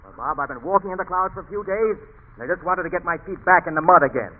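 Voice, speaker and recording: Deadpan man guesting on old radio comedy. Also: high voice, racing. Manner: dry, deadpan comebacks. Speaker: guest actor. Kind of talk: 1940s radio comedy banter. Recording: tinny hissy 1940s radio broadcast.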